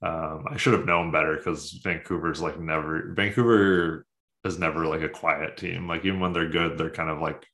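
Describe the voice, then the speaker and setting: A man's voice: very deep voice, fairly even intonation, normal speed, a bit bright. A man co-hosting a casual sports chat, rambling with lots of fillers and offhand jokes. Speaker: podcast co-host.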